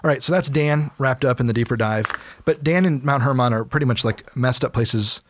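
Background noise sits behind this man's medium-pitched, slightly fast voice. He's a podcast co-host breaking down Bible passages in relaxed chat, storytelling with energy and acting out each quote.

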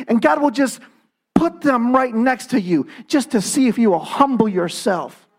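A man's voice: extremely high pitch, normal speed. A man preaching a sermon in a conversational way, acting out quoted voices as he goes. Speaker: pastor.

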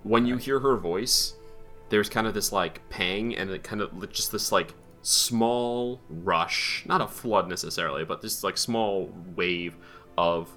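A deep-voiced man runs a tabletop game with relaxed, rambling narration full of "uh" and "like". His tone is bright and forward, with soft music playing behind him. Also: unhurried. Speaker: game master.

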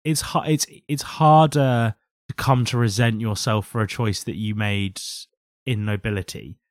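A man's voice: on the low side, measured pace, dry recording, studio quality. A man co-hosting a podcast, chatting about comics in a playful, jokey way and laughing often. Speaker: podcast co-host. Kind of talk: casual comic-book chat.

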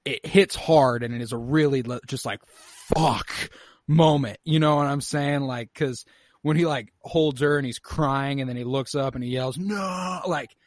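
A man's voice: medium pitch, fairly even intonation, moderate pace, no room sound, clean studio sound. A man chatting casually with friends, enthusiastic and swearing freely. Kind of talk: casual chat.

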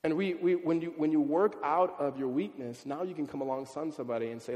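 A man's voice: on the high side, fast talker, hardly any pauses, darkish tone, big-room sound. A man preaching a sermon in a loose, conversational way, often asking "right?" and repeating words as he goes. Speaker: pastor.

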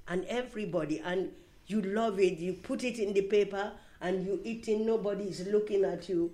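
An older woman with foreign-accented English speaks at medium pitch and normal speed. As an interviewee in a casual chat, she tells stories warmly, with lots of "you know" fillers and frequent restarts.

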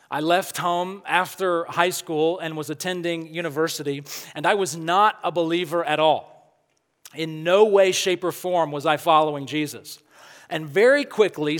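A high-pitched man preaching in a sermon, earnest and emphatic, pressing his point home with questions to the congregation. His voice carries through a long, ringing hall reverb, the kind a church sanctuary gives. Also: fairly bright tone. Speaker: pastor.

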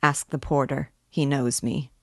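A woman's voice: very deep voice, steady tone, no room sound, clean studio sound, full character voice. A woman reading a lazy, dreamy young man. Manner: slow, lazy, dreamy delivery. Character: listless dreamy young male former student.

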